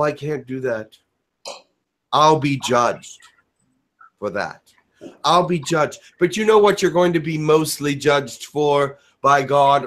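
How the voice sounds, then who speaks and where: A man speaking as the spirit Elijah in a channeled spiritual message, in a slow preaching cadence with dramatic pauses. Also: a little high. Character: Elijah, a male spirit giving a solemn message.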